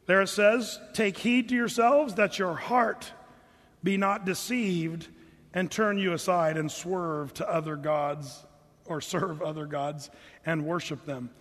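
A man's voice: sits high, fairly even intonation, slow pace, fairly bright tone, in a large hall. A man preaching a sermon as pastor, conversational, now and then mimicking his listeners.

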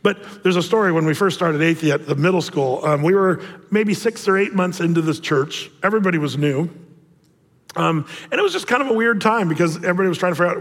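In a church auditorium, a pastor preaches a casual sermon in a high-pitched, fast voice followed by a long reverb tail. He is a joking storyteller who restarts his sentences often.

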